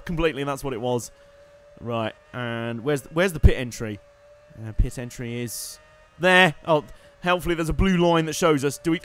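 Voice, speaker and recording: A man giving wry, chatty live commentary while playing a racing game, swearing and reacting loudly to the action. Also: medium pitch. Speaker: streamer.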